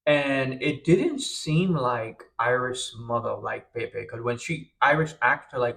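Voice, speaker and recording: A man's voice: mid-range voice, measured pace, gravelly, few pauses. Chatty tired young man recapping. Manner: chatty, animated, acts out quotes. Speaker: reality show recap host. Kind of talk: casual recap commentary.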